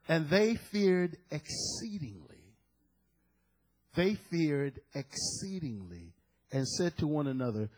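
A man's voice: a little high, breathy edge, rough recording. A man preaching a sermon, reading scripture and calling out to the congregation. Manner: preaching with call-and-response to the congregation. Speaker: pastor.

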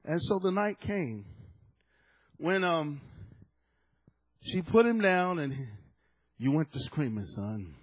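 High, lively, husky-voiced preaching man. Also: slow pace, long pauses. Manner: swings between hushed storytelling and loud preaching shouts; acts out the people in his story with voices. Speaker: pastor. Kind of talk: sermon with storytelling.

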